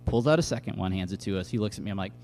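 A young adult man giving a casual, conversational bible teaching, telling stories with lively asides. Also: fairly low pitch, very fast, a little hiss or hum. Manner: conversational, animated storytelling with asides.

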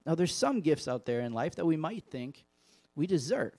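A man's voice: a little high, big pitch swings, normal speed, mellow, no echo. A man preaching an informal evening sermon, reading scripture aloud and talking conversationally to the congregation. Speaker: pastor.

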